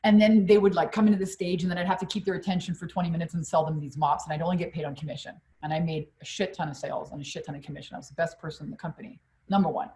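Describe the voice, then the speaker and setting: A middle-aged woman coach on a live stream, telling a personal story in an animated, blunt way and swearing freely. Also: on the low side, rapid-fire, hardly any pauses. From Quebec, Canada.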